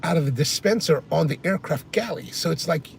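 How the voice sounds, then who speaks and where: Male car vlogger, casual and rambling, gravelly voice, faint road noise. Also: on the high side, lively intonation, fairly quick. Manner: chatty, rambling, answers viewer comments. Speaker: coffee vlogger. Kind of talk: casual chat while driving. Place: inside a car on the highway.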